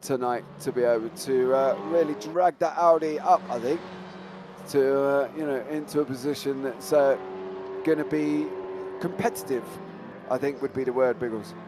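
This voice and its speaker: A man's voice: mid-range voice, normal speed, background noise. A man doing live sim racing commentary in a chatty way, full of fillers and calling his co-host mate.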